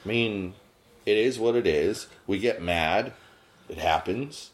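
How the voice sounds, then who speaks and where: Slow and on the low side, a male podcaster rants casually and works himself up. When indignation hits, his voice rises sharply.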